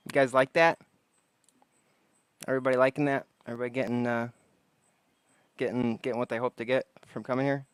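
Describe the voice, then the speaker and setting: A man's voice: medium pitch, level tone, a little fast, pauses often, smooth, no echo. A man hosting a casual late-night livestream, joking around and greeting chatters by name from his porch. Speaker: livestream host. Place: outdoors on a porch.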